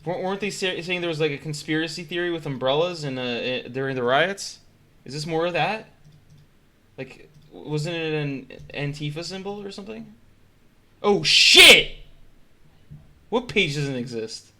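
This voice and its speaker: A man's voice: on the high side, normal speed, fairly bright tone. A man streaming casual reaction commentary, joking and swearing often.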